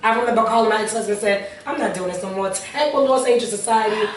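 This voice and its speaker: A woman's voice: mid-range voice, rapid-fire, recorded from a distance. An earnest woman, an interview guest, telling her personal testimony with prayerful asides and repeated phrases. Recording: echoey room, voice a little off-mic, faint background noise.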